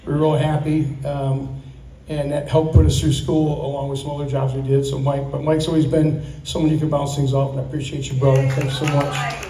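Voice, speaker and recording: A man in his sixties, slightly high-pitched with a mellow tone, gives a rambling retirement speech full of stories and chuckles. He is picked up from a distance in an echoey room with a faint hum of ambience. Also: fairly even intonation, fairly quick. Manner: rambling, storytelling, chuckling often. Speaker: retiree giving a farewell speech. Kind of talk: casual thank-you speech with anecdotes. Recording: echoey room, mic from afar.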